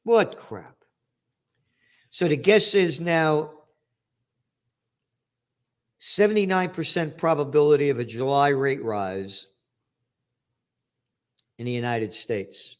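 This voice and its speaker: A man's voice: fairly high pitch, slow pace, pauses often. An older man hosting a news commentary, ranting angrily and profanely, with sarcastic emphasis as he reads out headlines.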